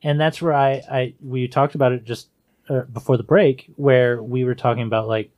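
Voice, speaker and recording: A man co-hosting a podcast, talking about films with enthusiasm and drawn-out musing. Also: medium pitch, fairly even intonation, a little mellow. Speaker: podcast co-host. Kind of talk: casual film discussion.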